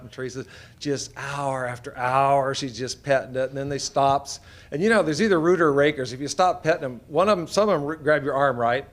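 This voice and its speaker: A man's voice: medium pitch, fairly quick. A middle-aged man from Idaho, a veterinarian telling folksy anecdotes to an audience and acting out the voices of people in his stories. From Idaho, USA. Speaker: veterinarian speaker. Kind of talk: storytelling talk to an audience.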